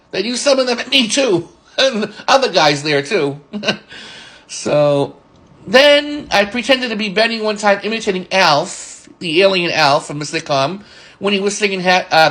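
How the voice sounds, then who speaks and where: A man in his forties telling rambling, halting stories about an old friend and coworker. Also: sits high, animated, a bit bright. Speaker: storyteller recalling a friend. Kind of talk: casual spoken reminiscence.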